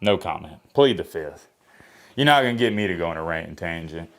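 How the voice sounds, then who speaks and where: A man's voice: low voice, animated, fairly quick, a bit bright. Blunt, opinionated man trash-talking sports. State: slightly hoarse. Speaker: sports vlogger. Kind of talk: solo college football reaction.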